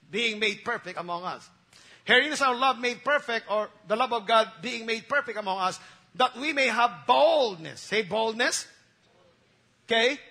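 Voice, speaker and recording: A man delivers a sermon in a high, sharp, bright voice. His tone is a little husky, and he drives points home by repeating phrases and pausing for the congregation to respond. The delivery is emphatic, call-and-response preaching. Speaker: pastor.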